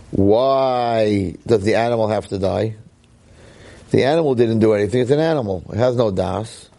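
A man, a rabbi giving a Torah lecture, excitable, swinging from low asides to high exclamations and peppering his talk with Hebrew terms and "right?". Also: gravelly.

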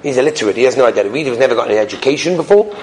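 A man giving a conversational storytelling talk, telling anecdotes in an animated way. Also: medium pitch, racing, a little hiss or hum, poor audio.

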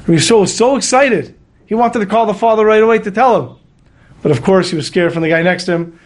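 High-voiced man telling a moral story. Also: fast talker. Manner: animated, shifts into character voices. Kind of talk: storytelling sermon.

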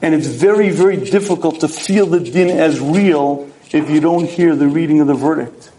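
A man speaking as a rabbi, giving a recorded Torah lecture, clearing his throat often and telling stories. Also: a little high, moderate pace, warm tone, a little hiss or hum, poor audio. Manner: frequent throat clearing, storytelling with acted quotes.

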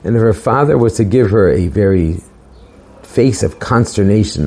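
A man giving a casual, halting Torah talk, with many fillers and restarts, slowing down to quote verses. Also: lowish voice, lively intonation, warm tone. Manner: hesitant, many fillers and restarts, quoting Hebrew verses slowly. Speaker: speaker sharing a Torah thought.

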